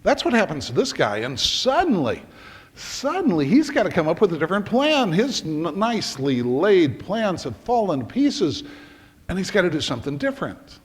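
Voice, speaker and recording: A middle-aged man preaching a sermon as a pastor, telling a story in an animated way and acting out the scenes. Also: high-pitched, moderate pace, slightly rough. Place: church sanctuary. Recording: reverberant church hall.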